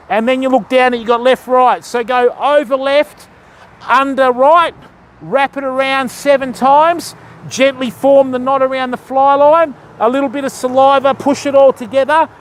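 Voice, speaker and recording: A man's voice: very high voice, a little hiss or hum. An Australian man live-streaming his fishing on a phone, chatting in a matey, easygoing way and greeting viewers by name. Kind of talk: casual live-stream chat.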